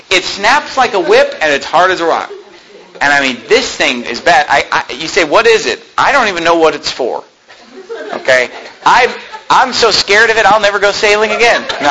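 A man preaching a sermon in a folksy, animated way, with asides and humor. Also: high voice, poor audio. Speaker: pastor.

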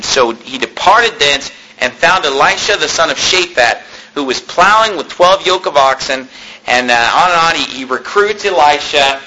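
Forceful preacher man with a bright voice. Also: fairly high pitch, normal speed, slight background noise, poor audio. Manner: casual storytelling with many fillers, reads scripture aloud. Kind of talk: sermon.

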